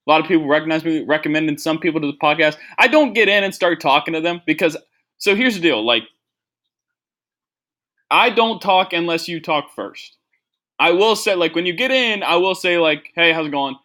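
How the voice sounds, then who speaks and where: A man's voice: high-pitched, sharp tone. A young man hosting a comedy podcast, rambling and self-deprecating, with lots of "like" fillers. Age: young adult. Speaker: podcast host. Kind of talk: casual comedy podcast monologue.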